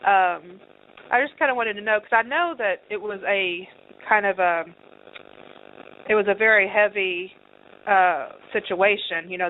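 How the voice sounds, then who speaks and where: A woman's voice: medium pitch, a little hiss or hum. A woman co-hosting a show, asking a long, hesitant question full of fillers. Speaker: podcast co-host. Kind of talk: interview question. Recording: tinny phone line.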